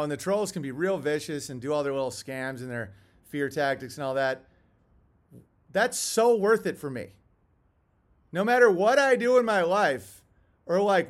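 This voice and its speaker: A man hosting a casual monologue, rambling through tangents with chuckling asides. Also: fairly high pitch. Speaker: host.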